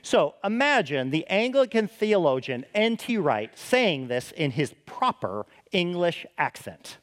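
A man preaching a sermon with a lively voice that swings widely up and down. He sits a little high in his range and keeps asking the listeners questions. He restarts his phrases and checks in with them as he goes. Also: measured pace. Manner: animated, asks the listeners rhetorical questions; frequent restarts and "right?" tags. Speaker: pastor.

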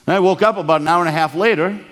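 An older man from Maine preaching a storytelling sermon, animated and acting out the dialogue. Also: rapid-fire. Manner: animated, acts out dialogue with big pitch swings.

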